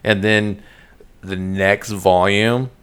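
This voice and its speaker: A man's voice: lowish voice, steady tone, extremely slow, a bit bright, clear, resonant tone. A man in casual comedic chat, rambling and swearing as he acts out characters mid-story.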